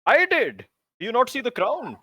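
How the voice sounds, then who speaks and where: A pompous self-crowned teenage king, forever talking and sure of his own importance, as a player puts him on. His pitch leaps around with showy liveliness, and the sound is dry and close. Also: big pitch swings, moderate pace, pushed and bright, no room sound. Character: self-appointed teen king, pompous and chatty. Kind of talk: tabletop role-play.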